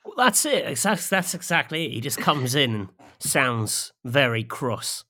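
A man co-hosting a podcast, chatting in a dry, self-mocking way. His voice sits at a middle pitch, and he laughs often at his own stories. He sounds relaxed and unhurried. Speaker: podcast co-host. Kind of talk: casual chat.

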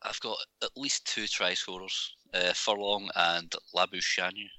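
A man's voice: sits low, steady tone, unhurried, bright, forceful tone, dry recording, poor audio. A man co-hosting a podcast in casual chat, rambling and self-deprecating. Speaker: podcast co-host.

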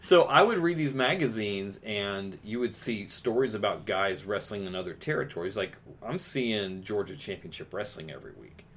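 Low-voiced man telling wrestling stories. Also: animated, moderate pace, few pauses, fairly bright tone, slight background noise. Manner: chatty storyteller with many restarts and laughs. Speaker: podcast co-host. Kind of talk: casual chat.

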